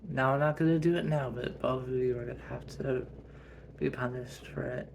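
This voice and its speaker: A man voicing a stern mother who scolds her two young daughters, with a sharp, scolding manner. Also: mid-range voice, steady tone, moderate pace, creaky, slight background noise, natural voice.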